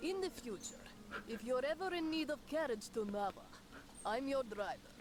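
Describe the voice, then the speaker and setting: A woman's voice: high-pitched, animated, moderate pace, heavy background noise. A woman voicing a friendly, proud female deer carriage driver in a video game, speaking with a heavy Russian accent. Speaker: game character.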